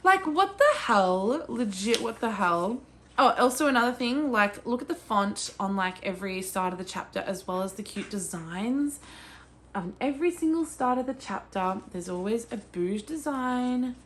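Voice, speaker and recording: A young Australian woman talking casually about books as a vlogger, gushing and excitable, with sudden squeals and swearing. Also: mid-range voice, slight background noise. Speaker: book vlogger. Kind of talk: casual chat.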